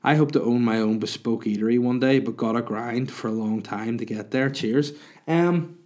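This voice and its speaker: A man's voice: medium pitch, moderate pace, a little mellow. Chatty male comedian hosting a podcast. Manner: chatty, answers listener questions with restarts. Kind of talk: casual solo podcast chat.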